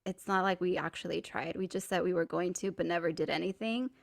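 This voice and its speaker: A woman co-hosting a podcast, telling a personal story in casual chat, saying "like" a lot and getting animated and laughing as she goes. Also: lowish voice, a little fast, gravelly. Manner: chatty, fills speech with "like"; animated and laughing while retelling stories. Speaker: podcast co-host.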